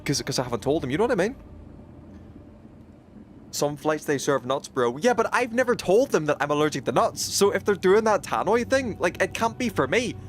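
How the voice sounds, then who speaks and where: A man's voice: fairly high pitch, very animated, fairly quick, a little hiss or hum. A British man streaming a game, chatting casually with his viewers in a rambling way, full of fillers and restarts. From United Kingdom. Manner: rambling, many fillers and restarts, reacts to chat.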